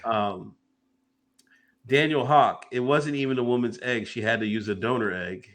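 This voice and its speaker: A man co-hosting a casual podcast, reading viewer messages and joking in an animated way with lots of laughter. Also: medium pitch, normal speed.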